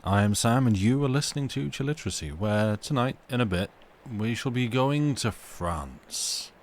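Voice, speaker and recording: A man's voice: mid-range voice, lively intonation, moderate pace, a little hiss or hum. A man hosting a live stream, chatting casually with his viewers in a rambling, self-interrupting way, at home. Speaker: livestream host reading stories aloud.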